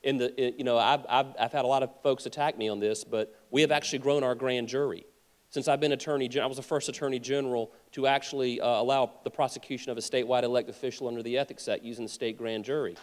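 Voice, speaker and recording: A man's voice: mid-range voice, steady tone, fast talker. A man who is a state attorney general, giving an earnest, emphatic political convention speech with frequent restarts, speaking into a podium mic in a convention hall. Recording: long hall reverb.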